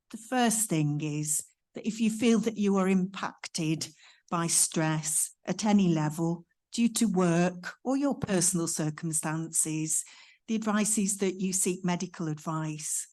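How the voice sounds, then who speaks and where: A woman union health and safety rep presents at a conference with a lowish voice. She talks slowly and methodically, working through figures and advice one step at a time. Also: dark tone.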